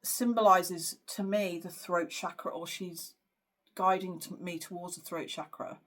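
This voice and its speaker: A woman's voice: fairly low pitch, fairly even intonation, measured pace, a bit bright. A woman psychic giving a spiritual card reading to camera, speaking earnestly and hesitantly with frequent fillers. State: emotional at times. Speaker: psychic medium.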